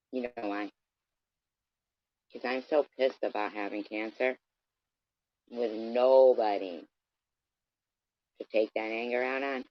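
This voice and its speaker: A man's voice: lowish voice, no echo. A man delivering an aggressive, profane, taunting rant straight at his camera. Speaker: vlogger. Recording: dull lo-fi dry sound.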